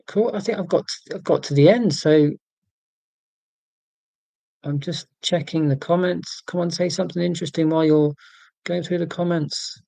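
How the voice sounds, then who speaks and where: A man hosting a relaxed livestream from home, chatting off the cuff and poking fun at himself as he reads out comments. His voice sits a little high for a man, and the sound is dry and close. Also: normal speed, gravelly, long pauses, dry recording. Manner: chatty, self-deprecating, reading out comments. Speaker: livestream host. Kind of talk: rambling casual livestream chat.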